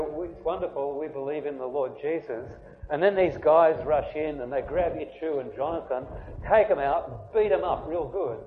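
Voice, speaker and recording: A man preaching a conversational sermon who keeps asking his listeners questions. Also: fairly high pitch. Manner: conversational, asks the congregation questions. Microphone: writes on a board while preaching. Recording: tinny phone-like band, faint noise.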